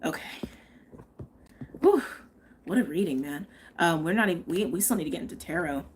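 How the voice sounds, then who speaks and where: A woman's voice: fairly low pitch, expressive, moderate pace, a little hiss or hum. A woman giving a live tarot and astrology reading, chatting and thinking aloud, often checking in with "okay?". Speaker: tarot reader.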